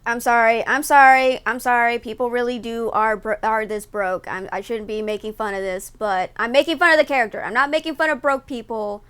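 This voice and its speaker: A young woman streaming live, reacting to a video with loud, profane, joking commentary. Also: fairly high pitch, steady tone, fairly quick, few pauses, smooth. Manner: loud, profane, mocking jokes and frequent laughs.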